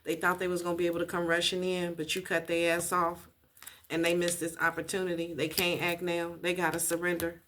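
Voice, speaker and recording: A woman's voice: lowish voice, completely flat delivery, a little fast, a bit bright, a little hiss or hum. A woman giving a casual tarot reading, blunt and profane, repeating her points for emphasis. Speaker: tarot reader.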